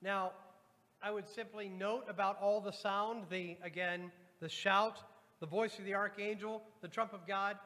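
A man's voice: sits high, fairly even intonation, unhurried, pushed and bright. A pastor preaching a sermon to his congregation, reading scripture aloud and addressing the people directly. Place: church sanctuary. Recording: long hall reverb.

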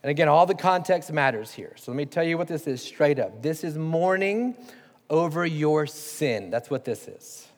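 Heard with long hall reverb, a pastor delivers a conversational, emphatic sermon and puts pointed questions to his congregation. His voice is fairly high, with lively intonation at a normal speed.

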